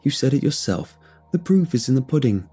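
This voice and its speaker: A man's voice: medium pitch, sing-song, a little fast, dark tone, husky, faint music behind, voice pushed up. A man voicing an earnest male scientist who pleads with a raised voice. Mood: pleading.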